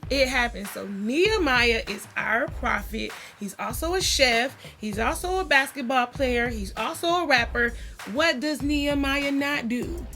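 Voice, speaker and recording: A bright, ringing woman's voice, pitched a little high and full of animation as she tells stories in a casual vlog. She is middle-aged and chatty, and now and then acts out what people said. Soft music plays underneath. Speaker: vlogger introducing her family.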